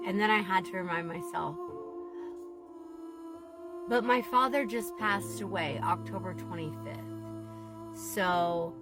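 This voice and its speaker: A woman's voice: medium pitch, slow pace, long pauses, loud music behind the voice. A woman casually telling an emotional, rambling story to her viewers, often saying "you guys". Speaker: TikTok storyteller. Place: Southwest Florida.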